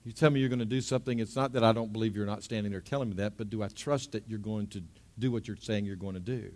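A middle-aged man preaching a sermon. He moves from hushed storytelling to loud, fervent preaching. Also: fairly low pitch, steady tone, fast. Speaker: pastor.

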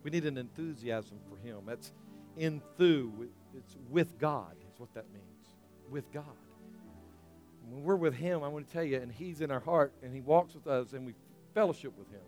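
A male pastor preaching a sermon, swinging from near shouts down to quiet, intimate asides, with organ-like music underneath. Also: medium pitch, moderate pace. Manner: impassioned, rising to near shouts then dropping to quiet intimacy.

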